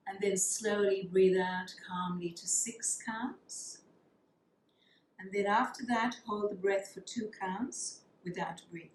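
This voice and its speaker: A woman teaching a yoga class, guiding breathing practices in a calm, soothing way and counting the breaths. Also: mid-range voice, a little slow, a little hiss or hum. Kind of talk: guided yoga breathing instruction. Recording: echoey room with faint ambience.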